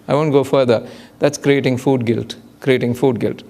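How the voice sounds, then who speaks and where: A man giving a public lecture, telling anecdotes and acting out the people in them with big jumps in pitch. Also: normal speed, vocal fry. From India. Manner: animated storyteller, acts out dialogue with big pitch jumps. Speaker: guest lecturer. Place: lecture hall.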